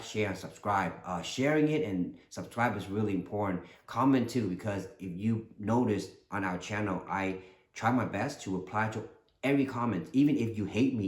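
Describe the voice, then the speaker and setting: Deep-voiced earnest man in an echoey room. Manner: earnest, animated, repeats himself. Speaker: channel host. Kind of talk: casual commentary monologue.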